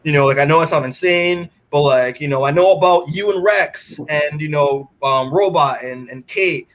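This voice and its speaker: A man with a slightly high voice, talking at normal speed, co-hosts a podcast and recaps a comic issue in a rambling, casual way, acting out the characters' lines and using lots of fillers.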